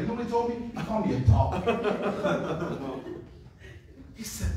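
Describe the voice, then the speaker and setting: A man preaching at a revival, telling Bible stories in a lively, conversational way and acting out the voices of the people in them. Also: high voice, moderate pace, long pauses, slight background noise. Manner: animated storytelling with acted-out voices, says "man" often. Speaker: pastor. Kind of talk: revival sermon. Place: church sanctuary. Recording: echoey room from a distance.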